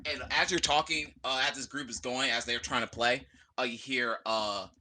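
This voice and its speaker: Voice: mid-range voice, fairly even intonation, normal speed, sharp tone, slight background noise. A young adult game master narrating a tabletop game, rambling with many restarts.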